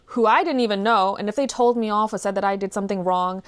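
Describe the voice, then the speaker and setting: A woman giving exasperated, animated commentary on a news story, her voice dropping low and then rising into loud outbursts. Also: fast talker. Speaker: commentary vlogger.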